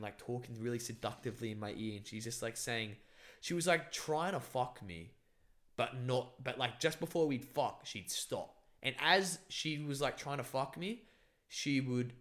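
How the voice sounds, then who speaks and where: A young man rambles through a story in casual conversation, peppering it with swearing and fillers. His voice sits at a medium pitch. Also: a bit bright. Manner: rambling, profane, lots of fillers. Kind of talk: casual chat, recounting a dream.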